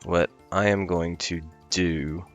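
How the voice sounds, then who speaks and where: A man's voice: low-pitched, steady tone, slow pace, faint music behind. A young man playing in a tabletop game over voice chat, joking and swearing casually. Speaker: player.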